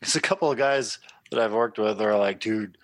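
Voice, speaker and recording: Gravelly man telling stories animatedly. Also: on the low side, normal speed. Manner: animated storyteller, swears, acts out his own reactions. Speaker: podcast co-host. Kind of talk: casual chat.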